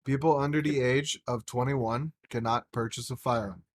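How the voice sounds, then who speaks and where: This podcast co-host has a medium-pitched voice with fairly even intonation, a moderate pace, and no room sound. He swears freely and wanders through rambling stories in a casual style.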